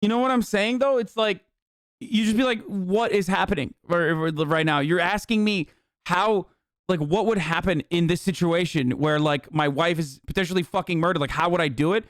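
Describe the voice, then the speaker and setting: A man's voice: sits high, moderate pace, no room sound, studio quality. A man streaming, giving casual, profane, incredulous commentary on a video. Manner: profane, incredulous, animated rants. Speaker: streamer reacting to a documentary.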